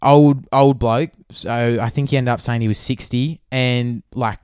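A man's voice: mid-range voice, fairly even intonation, moderate pace, clear, resonant tone, dry recording, clean studio sound. A young Australian man hosting a podcast, telling a story in casual chat with lots of swearing and fillers. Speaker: podcast co-host.

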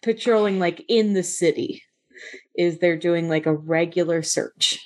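A woman's voice: fairly low pitch, a little slow. Woman running a tabletop game, takes her time, lots of ums and uhs. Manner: hesitant, many fillers and restarts. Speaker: game master.

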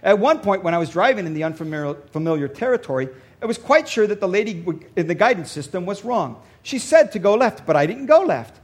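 Pastor guy preaching, high voice, really animated, storytelling. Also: quick pace, few pauses. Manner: storytelling, varies loudness for emphasis. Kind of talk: sermon.

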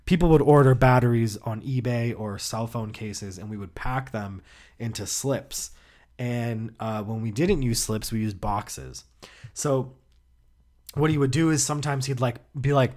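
A man from the United States hosting a podcast, telling casual stories with loud bursts, quick asides and swearing. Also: medium pitch. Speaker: podcast host. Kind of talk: casual storytelling monologue.

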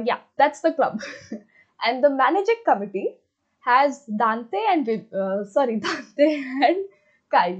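A young woman reviewing a book in a casual vlog, gushing and excitable, talking with many fillers. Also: a little high. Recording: slightly dull lo-fi audio.

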